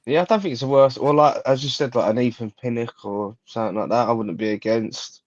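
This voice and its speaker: A man's voice: medium pitch, quick pace. Sweary man with a dull, lo-fi sound. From England. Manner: mocking, sweary banter. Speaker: podcast co-host. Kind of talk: casual football chat.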